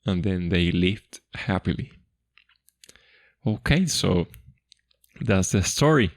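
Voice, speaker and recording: A man teaching a language, explaining a folktale reading line by line in a relaxed, chatty way and often repeating himself. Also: deep voice, slow pace, dry recording, studio quality.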